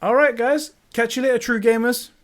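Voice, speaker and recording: A man's voice: extremely high pitch, steady tone, moderate pace, fairly bright tone. A man co-hosting a casual gaming podcast, telling stories animatedly, swearing and laughing often. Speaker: podcast co-host.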